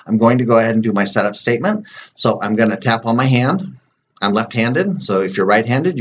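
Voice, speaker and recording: A man with a fairly low voice talks through a tapping routine, explaining each step slowly and plainly with frequent fillers. Now and then he drops to a soft murmur while repeating phrases. The recording sounds dull and lo-fi. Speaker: EFT tapping practitioner. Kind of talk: demonstrating a tapping routine to camera.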